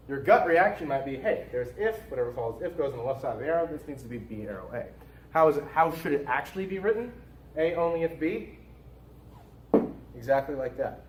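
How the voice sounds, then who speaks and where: A man teaching a logic class in an emphatic style, repeating his warnings and punching key words, then dropping to quiet asides. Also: on the high side, reverberant, recorded from a distance, slight background noise, low-quality recording. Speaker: logic instructor. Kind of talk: recorded lecture.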